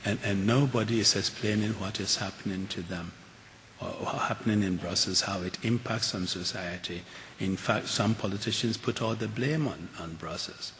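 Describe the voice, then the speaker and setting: Recorded in a big auditorium with long reverb and faint hiss, an older man delivers a keynote lecture and takes audience questions. His very low voice is a bit bright; he speaks earnestly and measuredly, frequently restarting sentences.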